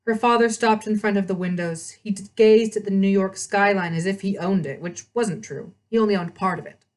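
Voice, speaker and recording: A woman hosting a read-aloud, reading a novel with chatty asides and quick self-corrections. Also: mid-range voice, a little mellow.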